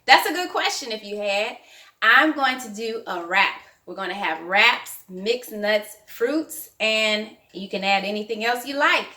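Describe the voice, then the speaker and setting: A woman's voice: medium pitch, unhurried, sharp tone, roomy sound. A woman with a Southern accent, giving a chatty, encouraging home cooking demonstration and often repeating her phrases. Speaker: cooking instructor. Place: home kitchen.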